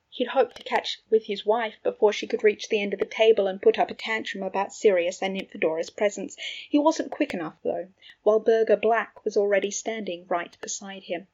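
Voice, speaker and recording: A woman narrating a fan fiction audiobook in a steady storytelling manner. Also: medium pitch, a little fast. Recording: dull lo-fi recording.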